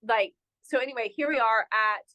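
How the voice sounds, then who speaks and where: Animated young woman telling a story. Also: a little high, normal speed. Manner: animated, self-mocking, heavy use of "like". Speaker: resort general manager, podcast guest. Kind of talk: casual interview storytelling.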